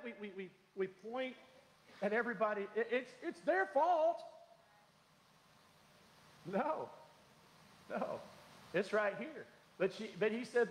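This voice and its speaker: A middle-aged man preaching a sermon as pastor, animated and humorous, acting out the voices he quotes. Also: very high-pitched, unhurried, long pauses. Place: church sanctuary. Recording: echoey hall.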